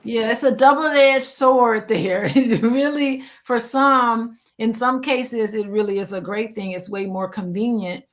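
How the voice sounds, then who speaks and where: A woman therapist hosts a live online interview, her voice sitting a little high. She talks in a lively, casual way, laughing often and slipping into easygoing slang as she welcomes viewers. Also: a little slow, hardly any pauses. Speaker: therapist and host. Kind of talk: live-streamed interview chat.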